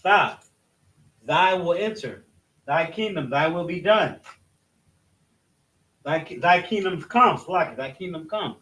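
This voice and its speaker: A man with a fairly high voice teaches a scripture lesson, halting and restarting as he points things out on a board. He is recorded from across an echoey room, so his voice sounds distant. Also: lively intonation, fairly bright tone. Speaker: religious teacher. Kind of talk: classroom-style scripture lesson.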